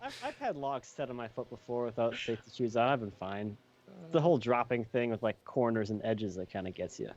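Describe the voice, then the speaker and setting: A man co-hosting a casual podcast, speaking haltingly and searching for words. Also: mid-range voice, big pitch swings, a little mellow, dull audio. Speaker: podcast co-host. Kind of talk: casual chat.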